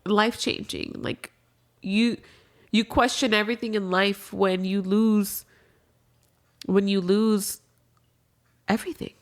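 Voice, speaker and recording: A woman's voice: mid-range voice, fairly even intonation, slow, long pauses. A young adult woman as a podcast guest, talking candidly and casually about grief, swearing freely and trailing off into restarts.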